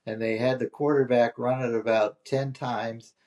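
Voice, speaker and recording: A man's voice: medium pitch, little pitch movement, moderate pace, darkish tone. An older man as the guest in a casual chat, speaking tersely and dryly and making his points through questions. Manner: terse, dry, leads with questions.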